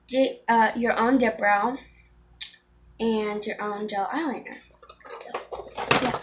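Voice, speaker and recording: Teen girl beauty vlogger, casual and chatty, slightly high voice, faint room noise. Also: fairly even intonation, a little slow, pauses often. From Florida. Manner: chatty, rambling, with frequent ums and restarts. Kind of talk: casual makeup tutorial chat.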